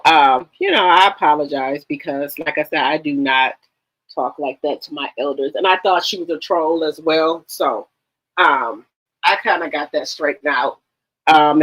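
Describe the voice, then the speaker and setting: A livestream host chatting casually with viewers, greeting them one by one with repeated hellos and often pausing with ums. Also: mid-range voice, a bit bright. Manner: chatty, with frequent ums and restarts. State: a little tired. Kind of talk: casual live-stream chat. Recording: slightly dull lo-fi sound.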